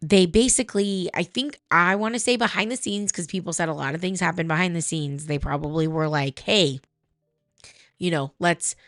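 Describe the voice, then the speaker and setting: A woman's voice: fairly low pitch, normal speed, no echo, clean studio sound, soft background music. A woman hosting, commenting casually and chattily, with frequent asides and swearing. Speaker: host.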